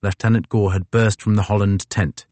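A man reading a novel aloud as an audiobook narrator, in a measured, even storytelling delivery. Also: lowish voice, no room sound.

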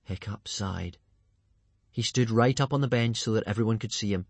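Male storybook narrator, expressive reading, husky voice, dry close sound. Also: on the low side, normal speed, dry recording. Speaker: audiobook reader.

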